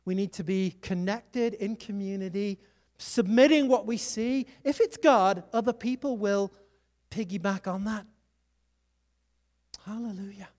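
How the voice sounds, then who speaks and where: A preacher delivering a sermon, telling personal stories and urging listeners on with quick asides. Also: medium pitch, a little mellow. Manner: exhorting, storytelling, quick asides.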